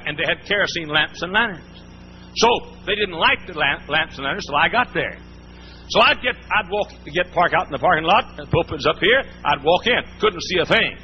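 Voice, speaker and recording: A man pastor preaching a sermon, telling folksy stories and often repeating and restarting his words. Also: a little high. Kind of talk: storytelling sermon. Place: church before a congregation. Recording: muffled old sermon tape with faint hum.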